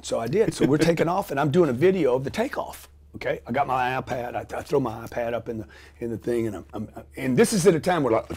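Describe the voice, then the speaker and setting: A middle-aged man telling a story as a guest on an interview show, animated and profane, acting out scenes with sound effects and quoted voices. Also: mid-range voice, quick pace, slightly rough.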